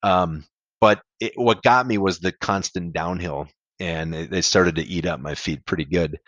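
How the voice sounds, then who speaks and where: A man's voice: deep voice, moderate pace, a bit bright, no echo, lo-fi sound. A man being interviewed, telling a candid, rambling story about a hard race, with casual swearing. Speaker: podcast guest, amateur ultrarunner.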